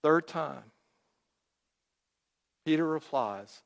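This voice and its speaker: A man preaching a sermon, telling the story dramatically and swinging from loud to quiet. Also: on the high side, normal speed. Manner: storytelling, acts out quotes, rises and drops in volume. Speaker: pastor. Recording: long hall reverb.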